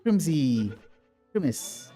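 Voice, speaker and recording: A man's voice: a little high, sing-song, takes it slowly, dark tone, faint music behind. Man rambling over game commentary. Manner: rambling, with frequent restarts and repeated words. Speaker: gaming video host.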